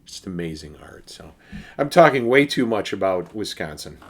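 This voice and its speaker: Low-pitched male vlogger, rambling casual beer review, heavy on fillers. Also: sing-song, normal speed. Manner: rambling, chatty, with fillers and restarts.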